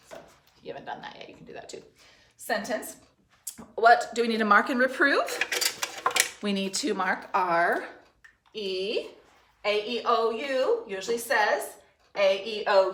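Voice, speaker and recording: A woman teacher leads a spelling dictation for third graders, spelling out words letter by letter in a slow, clear and encouraging way. Her voice sits at a middle pitch, and the room around her gives it a noticeable echo. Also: fairly bright tone. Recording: roomy echo.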